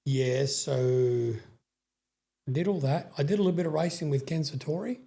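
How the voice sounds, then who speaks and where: A man's voice: fairly high pitch, moderate pace, vocal fry, dark tone, breathy edge. A middle-aged Australian man telling rambling stories as a podcast guest, swearing freely and often restarting his sentences. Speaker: guest, sprintcar racing veteran. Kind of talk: casual storytelling interview.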